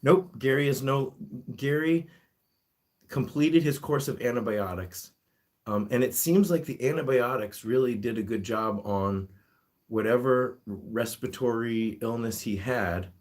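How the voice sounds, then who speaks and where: A man's voice: medium pitch, measured pace, a little mellow. A man hosting a casual live-stream chat, reading viewer comments and talking to his guinea pigs. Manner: chatty, reads comments aloud, talks to his pets.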